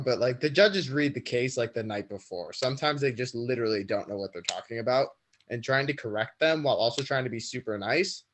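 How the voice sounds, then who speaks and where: A teenage boy talks loosely as a podcast guest, pitched in a middle range and full of ums and self-deprecating asides. He sounds relaxed and unhurried. He is heard over a video call with some noise in the background. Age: teens. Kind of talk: casual chat. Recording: noisy video call audio.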